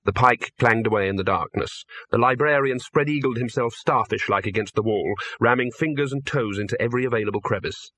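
A man reading an audiobook in a measured, dry storytelling manner. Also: mid-range voice, fairly bright tone, no echo. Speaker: narrator. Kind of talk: audiobook narration.

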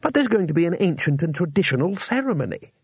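A man's voice: a little high, sing-song, quick pace, darkish tone, husky, no room sound, pitched above the performer's own voice, exaggerated voice. A man voicing a cheerful, naive male tourist in an audiobook, speaking eagerly and earnestly. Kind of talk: audiobook character voice.

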